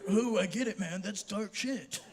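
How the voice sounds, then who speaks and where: A young man doing a stand-up set in a university theater, brash and swearing, with sudden loud outbursts. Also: sits high, moderate pace, crowd noise, noisy background. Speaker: stand-up comedian. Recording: roomy theater, distant mic, audience laughter.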